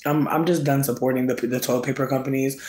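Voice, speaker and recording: A man hosting solo, telling a casual comedic rant in slangy, profane, animated storytelling. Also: medium pitch, fast. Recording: roomy echo.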